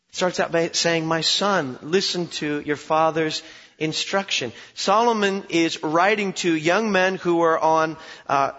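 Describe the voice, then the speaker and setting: A man's voice: on the high side, a bit bright, in a large hall, dull audio. A male pastor preaching a conversational, humorous sermon in a church, asking his listeners questions and often repeating words as he restarts.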